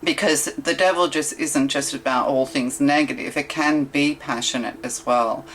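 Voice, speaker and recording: A woman's voice: rumbling low, moderate pace, rough recording. A woman reading tarot cards for her viewers, in a rambling, chatty way full of rhetorical questions and fillers. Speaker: tarot reader. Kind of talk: casual tarot reading monologue.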